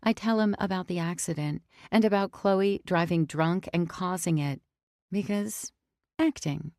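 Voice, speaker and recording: A woman's voice: lowish voice, a little slow, a little mellow, no echo, clean studio sound. A woman narrating a first-person audiobook in a tense, confessional manner that sometimes drops to a whisper.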